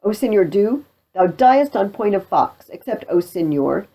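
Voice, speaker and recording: A woman reading the part of a cowardly, boastful male soldier in a play, pushing her voice higher and louder. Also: lively intonation, a little slow, creaky. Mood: blustering. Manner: loud, high-pitched bluster.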